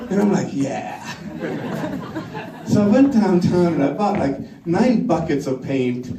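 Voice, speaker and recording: A middle-aged man from Sweden with a Swedish accent, telling a story on stage in an animated way, laughing and acting out the quotes. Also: high-pitched, moderate pace, echoey room, distant mic, a crowd in the background, noisy background. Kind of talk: storytelling talk.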